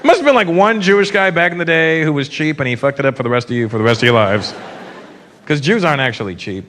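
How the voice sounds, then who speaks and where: A man doing live stand-up in a big arena, his high voice swinging wildly up and down as he jokes. He talks brashly, swears freely and drops into mocking impressions. Loud crowd laughter and steady background noise fill the recording. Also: fast. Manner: brash, profane, switching into mocking character voices. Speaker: stand-up comedian. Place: large arena in front of a live audience.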